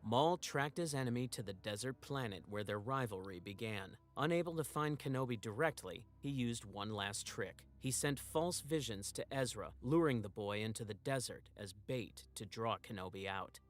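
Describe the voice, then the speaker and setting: A man narrating a story recap video in a measured, dramatic scripted style. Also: mid-range voice, lively intonation.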